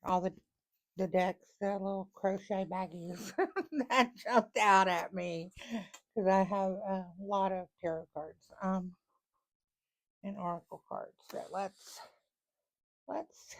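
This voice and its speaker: Woman tarot reader, casual and folksy, medium pitch. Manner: chatty and folksy, laughs often, thinks aloud. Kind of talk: casual tarot reading to viewers.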